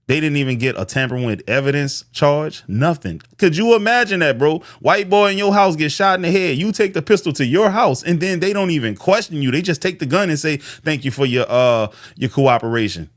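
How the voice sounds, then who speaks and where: A man's voice: medium pitch, no room sound, studio quality. A man with a New Orleans accent giving blunt, slangy reaction commentary.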